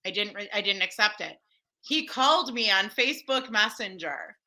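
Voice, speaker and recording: Woman, very bright tense voice, animated storytelling, filler-heavy casual chat. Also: mid-range voice, normal speed, poor audio. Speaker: podcast guest.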